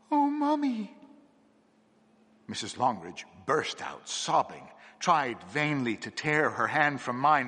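A man reading a ghost story aloud in a measured, expressive storytelling manner. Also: on the high side, slightly rough, in a large hall. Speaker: narrator. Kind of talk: scripted narration of a ghost story.

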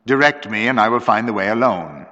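A man reading a story voices a cold young officer who speaks calmly. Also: fairly low pitch, a little fast, big-room sound, highs cut off. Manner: calm, flat delivery.

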